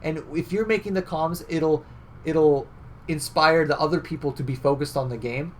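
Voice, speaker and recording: A man's voice: fairly high pitch, normal speed, slight background noise. A young man giving casual game coaching, chatty and loose, often tagging on "right?" and fillers. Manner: conversational, filler-heavy, repeats "right?".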